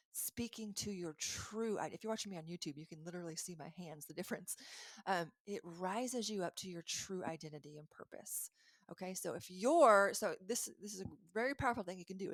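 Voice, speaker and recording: A woman coaching listeners in an earnest, animated talk with a faith-based message, often stopping to correct herself. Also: fairly low pitch, dry recording, studio quality. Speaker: life coach.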